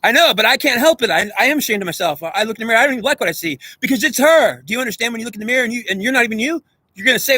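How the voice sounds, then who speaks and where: Racing along in a very high-pitched, pushed and bright voice with lively intonation, a man lectures the viewer directly in an intense spiritual monologue full of profanity. He is preachy and repeats himself, a self-styled spiritual speaker captured in a dry recording.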